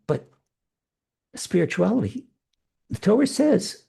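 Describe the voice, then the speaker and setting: A man with a fairly high voice and a gravelly rasp that runs through his speech, with a mellow rather than bright tone. He preaches as a rabbi in an earnest spiritual sermon. He often repeats key phrases for emphasis. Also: expressive, moderate pace.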